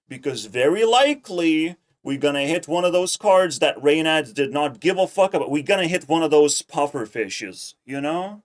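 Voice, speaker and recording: A man's voice: a little high, expressive, moderate pace, hardly any pauses. A male streamer with a voice sitting a bit above the usual male range rants in casual commentary. He swears freely, gets heated and stumbles over repeated words as he pushes his point. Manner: heated, profane, repeats himself when worked up. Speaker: streamer reacting to clips.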